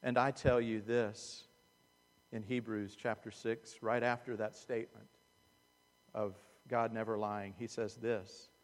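A man preaching a sermon as a pastor, earnest and emphatic, dropping to hushed asides. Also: lowish voice, flat delivery, unhurried. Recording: long reverb of a large hall.

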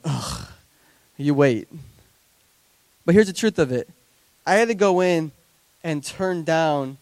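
A man in his thirties, a pastor preaching a sermon to his congregation in an animated, conversational way with joking asides. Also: sits high, dry recording. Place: church service before a congregation.

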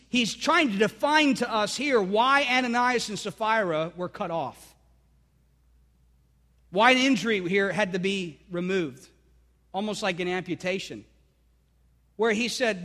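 A man's voice: high voice, fairly bright tone. A male pastor preaching a sermon to his congregation with fervent emphasis and calls to the listeners. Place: church sanctuary. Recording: long reverb of a church hall.

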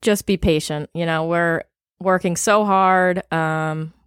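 A woman's voice: on the low side, steady tone, slow pace, clean tone, dry recording, studio quality. A young woman in her twenties, a restaurant server guesting on a podcast, talking casually and laughing easily.

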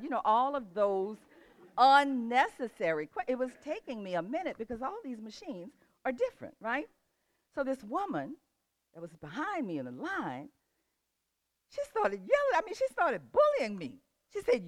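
An older woman who laughs often as she tells a lively story, then moves into a relaxed motivational talk about setting goals. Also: on the high side, normal speed, dry recording.

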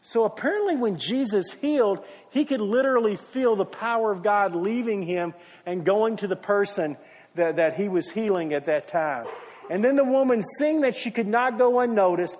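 High-voiced preacher man in a hall. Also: a little mellow. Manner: preaching with emphatic rises and dramatic storytelling. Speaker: pastor. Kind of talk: sermon.

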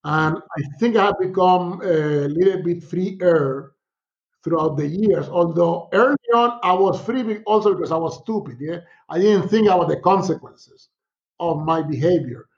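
A middle-aged man, a sociology professor, telling stories in a casual conversation, animated and laughing often. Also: high-pitched, moderate pace, lo-fi sound. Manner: animated storyteller, laughs often, acts out quotes.

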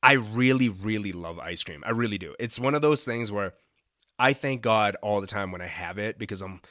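A man's voice: lowish voice, normal speed, a bit bright, dry recording, clean studio sound. A young adult man hosting a casual devotional talk, earnest and lightly joking, often checking in with his listeners. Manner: conversational, often asks "right?". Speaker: podcast host.

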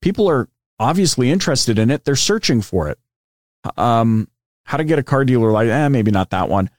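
Here a man who hosts a podcast talks through a screen demo, casual and chatty, with plenty of fillers and side comments. His medium-pitched voice is animated and moves at a normal speed, and the studio sound is clean with no echo.

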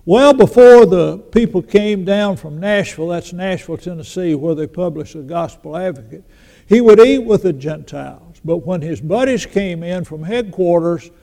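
A man's voice: high-pitched, animated, moderate pace, gravelly, dark tone. An older man preaching a sermon in a folksy storytelling manner, acting out the voices of the people he quotes. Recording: long reverb in a large hall.

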